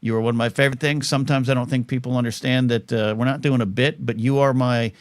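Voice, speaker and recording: A man's voice: medium pitch, fairly even intonation, fast, no echo, studio quality. A man in his fifties hosting a live talk show, telling rambling stories with friendly teasing. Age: 50s. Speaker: host. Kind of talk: casual talk show banter.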